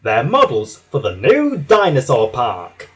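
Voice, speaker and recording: A man's voice: mid-range voice, huge pitch swings, takes it slowly, a bit bright, slightly rough, exaggerated voice. A man voicing a stout, kindly male railway boss in a storybook reading, speaking in a firm, announcing tone. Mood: reassuring.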